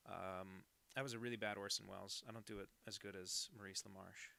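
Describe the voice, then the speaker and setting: A young man hosts a live drawing stream, chatting loosely and poking fun at himself as he reads viewer messages aloud. His voice has a gravelly, fry-laden edge and a bright, forward tone. The sound is dry and close, with no room around it. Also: lowish voice, expressive, fairly quick, few pauses, dry recording. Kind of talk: casual live-stream chat while drawing.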